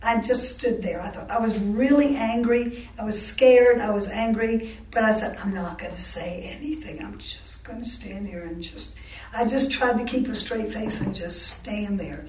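A woman's voice: medium pitch, darkish tone, a little hiss or hum. Candid woman recalling past, roomy distant sound. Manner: candid, halting with frequent restarts; laughs wryly between remarks. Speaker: interviewee. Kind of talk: oral history storytelling.

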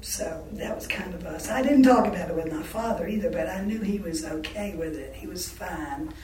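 A woman's voice: fairly low pitch, moderate pace, a little mellow. A blunt, outspoken woman recounting her family life as an interviewee in an oral history. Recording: roomy echo, distant mic, faint background noise.

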